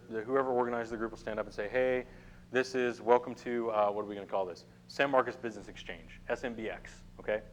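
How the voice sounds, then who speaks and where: A man's voice: medium pitch, a little hiss or hum, rough recording. Man teaching a networking class. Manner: conversational, addresses the room with frequent "okay?" check-ins. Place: meeting room with a small audience.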